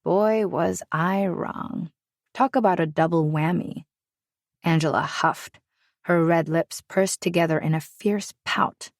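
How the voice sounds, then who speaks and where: A woman narrating a romance audiobook in the first person, with steady, even storytelling. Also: deep voice, unhurried, dry recording, studio quality.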